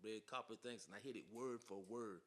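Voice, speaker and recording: A man from South Carolina, a podcast guest telling animated stories, laughing often and acting out quotes. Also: on the low side, fairly quick. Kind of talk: casual storytelling interview.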